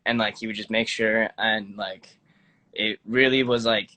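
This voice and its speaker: Bright-voiced young man rambling casually. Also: fairly low pitch, fairly even intonation, a little slow. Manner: rambling, many fillers and restarts. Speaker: actor guest. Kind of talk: casual interview chat.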